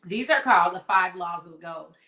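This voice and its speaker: A woman hosting a live-streamed book lesson, retelling a story in an animated way, reading passages aloud and asking her viewers questions. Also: on the low side, moderate pace, roomy sound. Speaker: online book study host.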